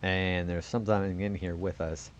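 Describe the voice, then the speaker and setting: A man's voice: deep voice, level tone, normal speed, muffled recording, slight background noise. A young man doing laid-back commentary on a game live stream, chatting with viewers and laughing often.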